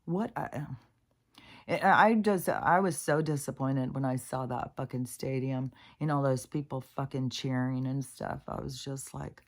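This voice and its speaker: Very deep and steady, this woman's voice moves unhurriedly through a loose, chatty spiritual vlog. Speaking plainly to viewers, she swears often and occasionally goes off on a rant.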